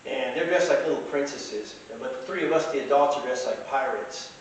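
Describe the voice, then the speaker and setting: A man's voice: mid-range voice, moderate pace. Rambling man in an echoey room. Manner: rambling, chatty. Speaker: storyteller. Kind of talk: casual anecdote telling. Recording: echoey room, distant mic, faint hiss.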